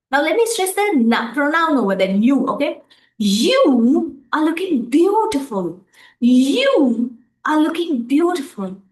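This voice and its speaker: A woman coaching speaking skills in a livestream lesson, repeating phrases slowly to demonstrate stress and pauses. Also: high-pitched, reverberant, recorded from a distance, rough recording.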